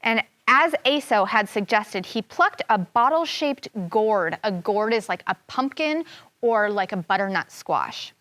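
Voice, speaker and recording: Teacher with a dry, close voice reading aloud. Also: female voice, mid-range voice, unhurried, dry recording. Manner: expressive, voicing sound words and characters. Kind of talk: reading a story aloud to children. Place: classroom studio.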